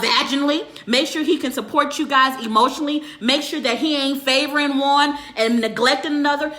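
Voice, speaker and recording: A woman's voice: high-pitched, pushed and bright. A woman counselor delivering a profane, emphatic rant to her viewers and answering their comments. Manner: profane and emphatic, swears constantly. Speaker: relationship counselor. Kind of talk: ranting monologue to viewers.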